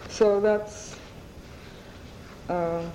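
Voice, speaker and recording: A woman author reading aloud from her novel to an audience, in an unhurried, measured way, recorded at an event. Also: medium pitch, fairly even intonation, mellow, slight background noise. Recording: dull audio in a reverberant hall.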